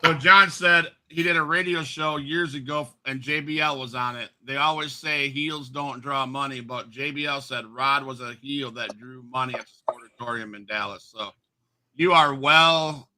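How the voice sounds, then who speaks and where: Podcast host guy, upbeat, super bright sharp voice. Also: medium pitch, fairly even intonation, normal speed, poor audio. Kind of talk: casual podcast chat.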